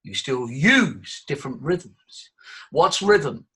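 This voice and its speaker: An older man, a voice coach, giving an exuberant, theatrical talk to a live audience, swinging between loud and soft. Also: fairly high pitch, very animated, slow, slight background noise.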